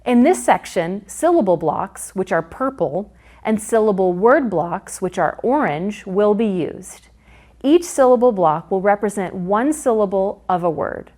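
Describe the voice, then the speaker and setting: A woman narrates a phonics training lesson for teachers, unhurried and clear. Her pitch moves in a lively, animated way as she sounds out words syllable by syllable. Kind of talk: instructional narration.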